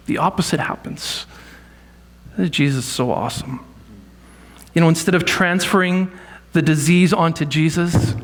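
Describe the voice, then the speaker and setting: Man preaching a lively sermon. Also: on the high side. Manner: conversational, animated teaching with acted quotes. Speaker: pastor. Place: church sanctuary.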